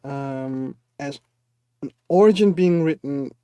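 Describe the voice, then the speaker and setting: A man's voice: mid-range voice, takes it slowly, mellow, clean tone, no echo. A man co-hosting a casual film chat, thoughtful and hesitant, laughing often. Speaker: co-host. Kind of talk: casual chat about films.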